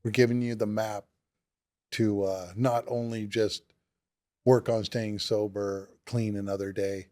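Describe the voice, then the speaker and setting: Low-voiced enthusiastic man co-hosting a podcast. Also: level tone, measured pace, warm tone. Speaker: podcast co-host. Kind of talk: casual recovery podcast talk.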